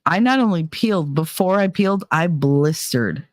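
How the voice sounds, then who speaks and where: A middle-aged woman hosting a casual chat, telling a story in an animated way, swearing and mimicking other people's voices. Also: lowish voice, moderate pace, no echo, clean studio sound. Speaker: channel host.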